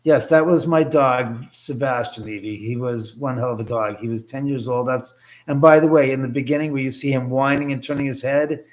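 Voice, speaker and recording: A man chats loosely on a livestream, telling stories and breaking off to banter with his viewers. He keeps restarting his sentences and wanders from point to point. His voice sits at an ordinary middle pitch for a man. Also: brisk. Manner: rambling, jokey asides to chat, many restarts. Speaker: livestream host and filmmaker. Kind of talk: casual livestream chat.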